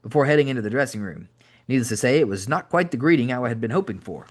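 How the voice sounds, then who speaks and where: A man narrating an audiobook in a brisk, wry first-person reading. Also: mid-range voice, expressive. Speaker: podcast host reading an audiobook.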